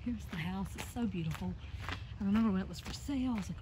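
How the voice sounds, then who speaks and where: A woman's voice: medium pitch, fast talker. Breathless woman vlogging on a walking trail. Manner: chatty, reminiscing, trailing off. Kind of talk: casual walking vlog narration. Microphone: handheld phone. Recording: noisy outdoor phone audio. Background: running water, birds, passing vehicles.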